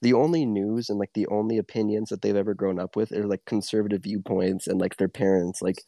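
Brief: teenage podcast host, rambling casual chat, low mellow voice, dry sound. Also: male voice, steady tone, a little fast, creaky, dry recording. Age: teens. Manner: rambling, filler-heavy "like" and "dude".

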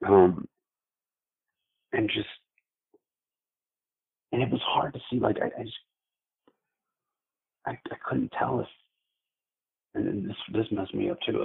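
A man calling in to tell a frightening personal story, halting and repeating his words with many fillers. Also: fairly low pitch, wildly swooping pitch, vocal fry, slightly rough, phone-quality sound.

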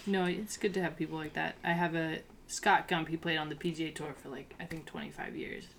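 A woman's voice: deep voice, steady tone, fairly quick, gravelly, a bit bright, slight background noise. A woman hosting a casual conversation, upbeat and encouraging. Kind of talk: casual chat.

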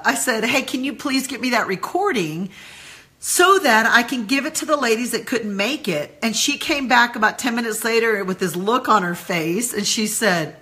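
A woman's voice: on the high side, pushed and bright. A woman giving an emphatic motivational talk to women, repeating phrases and calling her listeners girls and y'all. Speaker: women's mentor and speaker.

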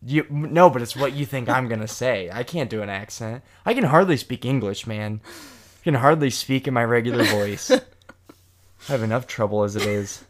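A man's voice: medium pitch, normal speed, slight background noise. A young man chatting casually with his partner, joking, rambling and poking fun at himself. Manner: joking, rambling, self-deprecating. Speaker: vlogger, co-host with partner. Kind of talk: casual couple chat.

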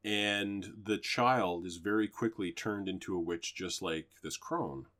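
A podcast co-host with a low, somewhat slow and slightly bright voice casually chats while reviewing movies. He loosely retells a film's plot, using fillers and the occasional swear.

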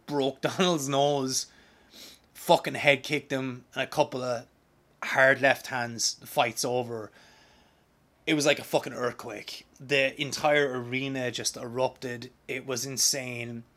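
A young man from Ireland hosting a podcast, talking in an excitable, profane, rambling way with many restarts. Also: medium pitch, slow pace. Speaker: podcast host. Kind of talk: casual podcast monologue.

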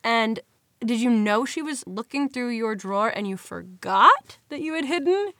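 A woman's voice: a little high, lively intonation, normal speed, sharp tone, dry recording, studio quality. A woman co-hosting a podcast in casual chat, playful and teasing as she fires off questions, laughing often. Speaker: podcast co-host and commentator.

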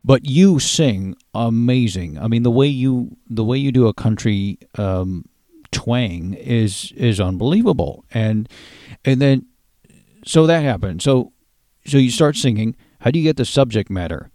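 Gushing male comedy host, dark voice. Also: medium pitch, animated, measured pace, dry recording, studio quality. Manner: enthusiastic, gushing. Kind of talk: comedic interview.

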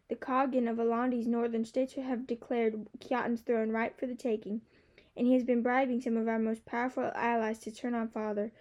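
Female reader doing a grim, firm brother, blunt delivery, soft-toned voice. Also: a little high, lo-fi sound, lightly acted.

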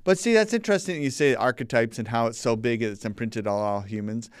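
Smooth-voiced man, dry close sound. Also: mid-range voice, quick pace, dry recording. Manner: chatty, exclaims and mimics himself in raised voice. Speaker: podcast co-host, father. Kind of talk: casual chat.

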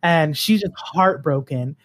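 A man in his late twenties telling a personal story in a casual, animated way, swearing freely and acting out the other people's lines. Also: a little high, measured pace. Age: late 20s. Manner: animated, profane, acts out quoted voices.

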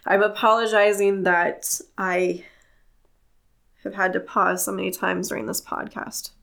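Woman podcast host, solo monologue, earnest and plain-spoken, slow delivery. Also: mid-range voice, level tone, gravelly, fairly bright tone.

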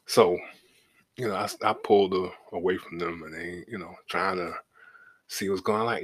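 Husky-voiced man, middle-aged, podcast host, low register, casual and profane storytelling. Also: steady tone, normal speed. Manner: loose and profane, leaning on "you know what I'm saying"; shifts from laid back to heated as the story builds.

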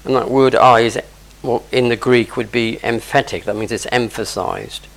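A man's voice: medium pitch, normal speed, vocal fry, fairly bright tone, poor audio. A man preaching a sermon, explaining scripture verse by verse with conversational asides.

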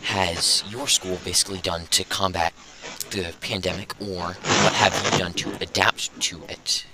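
A man's voice: deep voice, little pitch movement, measured pace, very noisy. A young man hosting a casual podcast, rambling and thinking aloud as he goes. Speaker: podcast host.

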